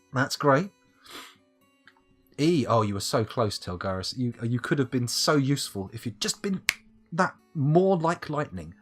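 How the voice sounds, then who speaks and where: A man rambling through live gameplay commentary, talking to himself with self-mocking asides. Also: mid-range voice. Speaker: game streamer.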